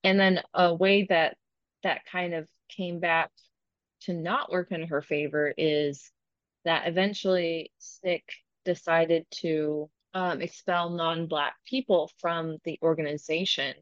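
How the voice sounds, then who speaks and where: A woman host asking an author questions in a measured way, pausing to find her words. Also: deep voice, steady tone, clean tone, dry recording. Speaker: interviewer, podcast host. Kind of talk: interview questions. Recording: dull dry lo-fi audio.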